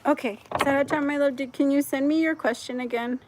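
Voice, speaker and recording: A woman's voice: high-pitched, a little fast. A woman giving a live-streamed tarot reading, chatty and effusive, with lots of "like" and frequent laughs. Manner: gets excited and loud at good news. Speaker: tarot reader.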